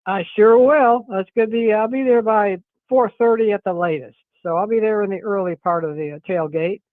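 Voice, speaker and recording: A man with a fairly high voice calls in a relaxed, chatty weather forecast. The line is thin and phone-like, and the sound is dry and close, with no room around it. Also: moderate pace, no echo. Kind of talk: radio weather report by phone.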